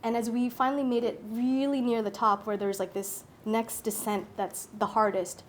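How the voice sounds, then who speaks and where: A woman with a somewhat high voice tells a personal story at a public talk. She is animated, acts out her own thoughts and laughs often. A faint hiss sits under her voice. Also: moderate pace.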